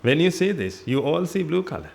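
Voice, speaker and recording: Speaking quickly in a rather high, very animated voice with vocal fry, this man preaches a Buddhist sermon in a temple hall. Repetition and rhetorical questions carry his teaching, and he goes quieter on "ladies and gentlemen."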